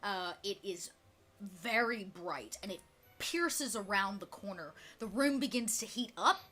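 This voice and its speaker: A woman's voice: medium pitch, measured pace, pushed and bright. A woman narrating a tabletop role-playing game as game master, in a loose, chatty way with many fillers.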